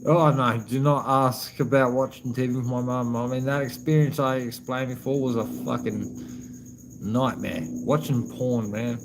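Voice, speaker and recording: A man's voice: mid-range voice, steady tone, a little slow, music in the background, rough recording. An Australian man chatting casually on a live stream, rambling, swearing heavily and calling viewers man and brother.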